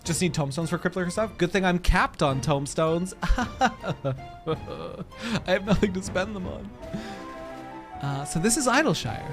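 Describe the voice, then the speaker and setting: A man's voice: high voice, lively intonation, a little slow, music in the background. A man live-streaming a game, chatting to his viewers in a giggly, rambling way. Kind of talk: casual live-stream chat while gaming.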